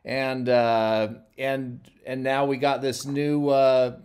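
Smooth-voiced male podcast host. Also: medium pitch, little pitch movement, slow pace, a little mellow. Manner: friendly, wraps up with praise for the guest. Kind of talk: casual interview.

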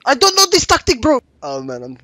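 Excitable high-voiced gamer man swearing. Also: brisk. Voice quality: excitable, swears often, shouts at plays. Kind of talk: competitive game voice chat. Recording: loud noise with clicks.

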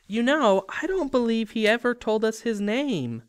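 A man's voice: high-pitched, very animated, moderate pace, fairly bright tone, clean tone, no room sound, clean studio sound, voice pushed up, exaggerated voice. A man voicing a genteel, composed lady traveler in a raised, prim tone.

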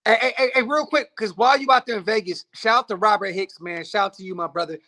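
Laid-back, slangy podcast host. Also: male voice, sits high, fast talker, pushed and bright. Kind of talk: casual chat.

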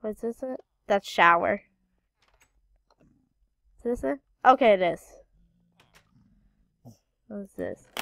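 Slow, gravelly-voiced woman gaming commentator. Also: medium pitch, lively intonation, a bit bright, no room sound. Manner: muttering to self while searching, frequent exclamations. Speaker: gaming channel host. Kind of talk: casual gameplay commentary.

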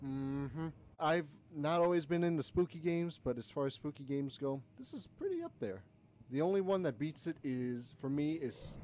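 Young man on a horror-game stream: jokey, yelping, lively pitch. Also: normal speed. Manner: animated, jokey, frequent yelps and laughter. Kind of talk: live game commentary.

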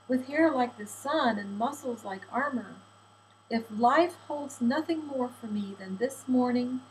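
A woman voicing an affectionate seventeen-year-old slave girl who speaks softly and tenderly. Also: fairly high pitch, a little hiss or hum, low-quality recording. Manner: soft, tender, doting.

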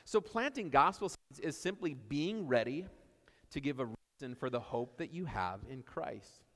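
A man's voice: medium pitch, expressive, a little slow. Man preaching in a reverberant church. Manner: conversational storytelling, repeats key phrases. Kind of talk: sermon. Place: church sanctuary.

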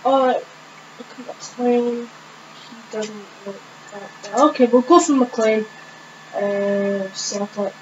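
Slow, hesitant woman commenting on gameplay. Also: fairly high pitch, darkish tone, dull audio, slight background noise. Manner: thinking aloud, hesitant, many ums. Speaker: gaming channel host.

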